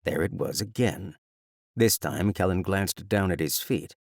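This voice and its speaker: A man with a low voice and vocal fry narrates a fantasy audiobook in a measured, even storytelling manner. He is recorded close on a studio mic, with no echo.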